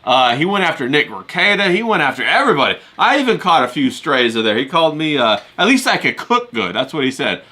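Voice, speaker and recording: A man's voice: a little high, sing-song, quick pace, hardly any pauses, bright, forceful tone. A man hosting a casual livestream chat, easygoing and full of fillers, laughing often. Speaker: host.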